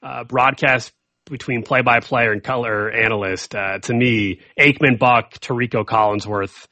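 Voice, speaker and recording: A man's voice: mid-range voice, steady tone, measured pace, pushed and bright, dry recording. A man hosting a casual sports talk show, easygoing and moving the conversation along. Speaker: host.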